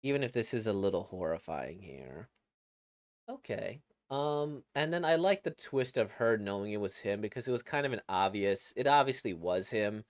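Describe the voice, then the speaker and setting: A man's voice: lowish voice, animated, moderate pace, no room sound, clean studio sound. A man casually reacting to a webcomic he reads, rambling and reflective, with many fillers and restarts.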